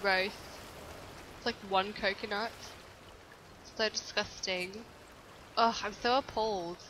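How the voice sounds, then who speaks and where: Young woman, bright tone, medium pitch, foul-mouthed let's-play commentator. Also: steady tone, slow, a little hiss or hum. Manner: profane, reacts loudly, insults her character. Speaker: gameplay commentator.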